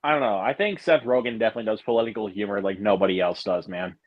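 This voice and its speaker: A man's voice: lowish voice, fast, dull audio. A young man chatting casually during a movie watch-along, joking and adding apologetic asides. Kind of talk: casual chat.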